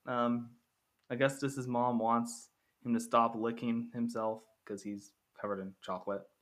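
A man talks through a casual podcast monologue, rambling with plenty of ums and uhs and slipping into quoted lines. His voice is bright and forward, with a middling pitch. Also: little pitch movement, measured pace. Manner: rambling, with many fillers, acting out quotes. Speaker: podcast host. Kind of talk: casual movie comparison monologue.

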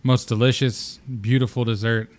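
A young man hosts a relaxed podcast, loose and joking. He swears casually and riffs with his co-host in easy conversation. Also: medium pitch, normal speed. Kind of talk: casual chat.

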